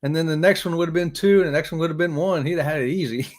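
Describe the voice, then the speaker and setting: A man's voice: fairly high pitch, rapid-fire. A man hosting a live stream, chatting casually with viewers in an upbeat, joking, folksy way. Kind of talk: casual chat reading viewer comments.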